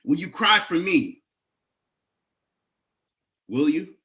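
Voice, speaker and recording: A young man with an African American English accent, talking softly with many pauses between poems, then performing spoken word poetry in a rhythmic, rising, incantatory delivery. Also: fairly high pitch, big pitch swings. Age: young adult. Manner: soft, halting talk between poems with many fillers.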